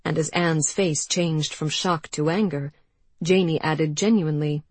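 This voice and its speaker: A woman reading an audiobook in an even, measured storytelling manner. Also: low voice, husky, no echo. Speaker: audiobook narrator. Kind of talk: scripted narration.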